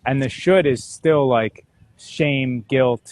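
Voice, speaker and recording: A man co-hosting a casual spiritual talk, agreeable and quick to affirm. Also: mid-range voice, very noisy. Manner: agreeable, short affirmations, easy laughs. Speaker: astrology show co-host. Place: outdoors.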